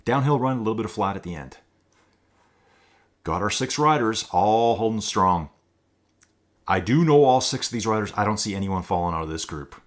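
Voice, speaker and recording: A man with a lowish voice hosts a live stream, calling a virtual cycling race in an upbeat, chatty way. He keeps talking to his viewers as folks. He reads rider names and chat messages aloud on the fly. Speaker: race commentator and channel host.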